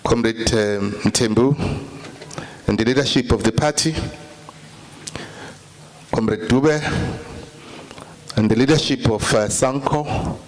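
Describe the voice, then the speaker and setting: A man's voice: mid-range voice, slow, pauses often. A South African man giving a formal political address to a conference after leading rousing chants. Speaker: speaker. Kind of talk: political speech.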